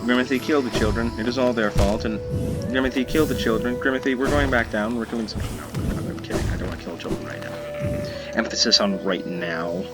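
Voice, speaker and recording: A man's voice: medium pitch, quick pace. A man giving playful let's play commentary, joking and scolding his in-game companion. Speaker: gamer commentator. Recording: loud game music behind voice. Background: video game music.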